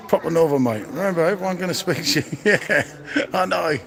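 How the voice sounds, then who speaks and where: A middle-aged man with a fairly high voice rambles cheerfully through a live walk-around. He marvels at what he sees and keeps calling out to viewers by name. His voice is caught on a phone held in his hand as he walks through an indoor museum. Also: fairly quick, creaky, fairly bright tone. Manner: chatty, marvelling, addresses viewers in chat by name. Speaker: vlogger streaming live. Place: indoor museum with old exhibits. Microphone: handheld phone while walking.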